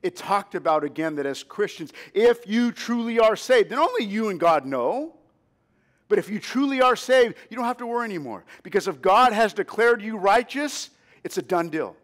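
A man's voice: high-pitched, expressive, moderate pace. A man in his fifties preaching a sermon as pastor, telling a personal story and asking the congregation to say amen. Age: 50s. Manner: storytelling, drops to a hush then rises to emphatic calls; asks the congregation for responses.

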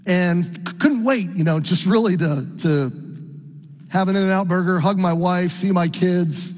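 A middle-aged American pastor tells his sermon as a story, earnest and halting, often restarting his sentences. His voice sits high with a darkish tone, and the recording has a big-room sound.

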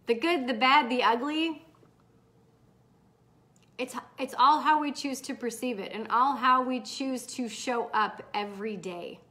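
A middle-aged woman with a high voice hosts a casual live chat. She's candid and swears freely, letting out excited whoops as she reads the comments.

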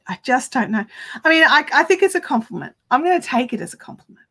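Bright-voiced Australian woman streaming crafts. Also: high-pitched, big pitch swings, slightly rough. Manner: chatty, rambling, quick to laugh. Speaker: crafting livestream host. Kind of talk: casual livestream chat.

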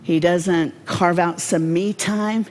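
A woman giving a devotional Bible teaching, folksy and humorous, with animated storytelling. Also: lowish voice, slow, a little hiss or hum.

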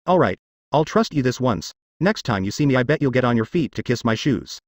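A man's voice: mid-range voice, lively intonation, fairly quick, no room sound, clean studio sound, natural voice. A man voicing a brash, boastful male informant in an audiobook scene, speaking bluntly over the phone. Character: deep-voiced male informant, brash and cocky. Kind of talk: audiobook character dialogue.

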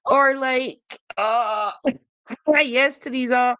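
A woman's voice: high-pitched, slow pace, bright, forceful tone, smooth, no echo. Giggly, chatty woman on a live stream. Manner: chatty, giggly and playful, bursts of laughter. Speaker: podcast host doing oracle card readings. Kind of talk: casual live-stream chat, reading comments and cards aloud.

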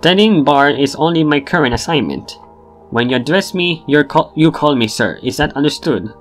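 A man's voice: fairly high pitch, animated, normal speed, soft background music, natural voice. A man voicing a bossy young male ship bartender who talks like a drill sergeant, barking orders in an officious way. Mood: stern. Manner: barking, officious, then chummy.

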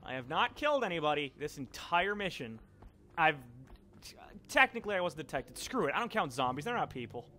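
A young man narrates his own gameplay in a bright, lively voice that swings widely in pitch. He is casual and quick to swear, bursting into excited shouts when caught. Faint background noise sits under the recording, and his voice is a little higher than most men's. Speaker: let's play commentator.

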